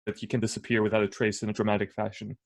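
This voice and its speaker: A young man co-hosting a podcast in casual chat, joking and laughing through animated asides. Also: lowish voice, rapid-fire, creaky. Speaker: podcast co-host.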